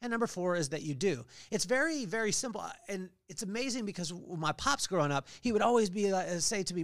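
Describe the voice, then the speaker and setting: A middle-aged man hosting a podcast, giving a lively motivational faith talk with family stories and scripture readings. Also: high voice, quick pace, hardly any pauses, dry recording, clean studio sound. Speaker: podcast host.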